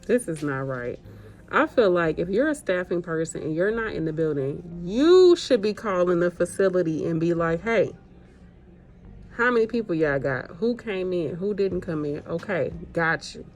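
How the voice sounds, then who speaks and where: A young woman nurse vents in a loose, casual vlog style. She speaks straight to her audience, exasperated and blunt, letting swear words slip in. Faint music sits quietly under her voice. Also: fairly low pitch, sing-song, normal speed. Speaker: agency nurse vlogger. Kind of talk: casual vlog rant to viewers.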